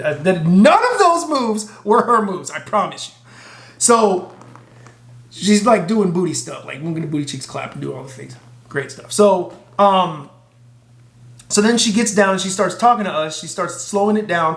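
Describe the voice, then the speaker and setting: Animated man telling a story, roomy sound. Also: high-pitched, moderate pace. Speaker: vlogger. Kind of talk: casual storytime.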